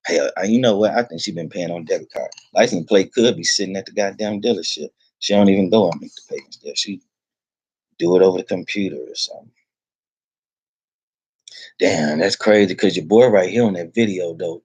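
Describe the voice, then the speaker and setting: A man's voice: sits low, a little mellow, breathy edge, no room sound, dull audio. A man ranting angrily to the camera, swearing heavily and repeating himself. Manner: heated, profane, repeats himself. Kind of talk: angry rant to camera.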